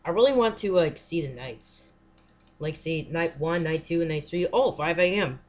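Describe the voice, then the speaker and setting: A gamer in casual let's-play commentary who fills speech with "like" and "seriously," swears constantly and yells at jump scares. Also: medium pitch, lively intonation, moderate pace. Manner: filler-heavy, says "like" and "seriously" often. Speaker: gamer playing a horror game.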